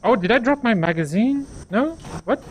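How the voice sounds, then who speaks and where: A man streaming a game, chatting casually in a hesitant, soft-spoken way with many restarts. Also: very high voice, lively intonation, normal speed, noisy background. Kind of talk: casual chat while gaming.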